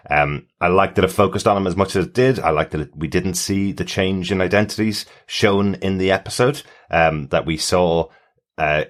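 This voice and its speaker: A man with a very low, deep voice, chatting casually as a podcast co-host. He talks in a relaxed, conversational way and lifts his voice when he quotes what other people said.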